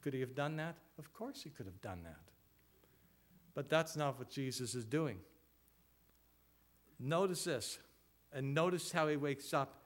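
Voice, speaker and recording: A man delivers an expository sermon in a slightly higher voice. He is earnest and drives his points home with rhetorical questions and repeated phrases. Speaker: pastor.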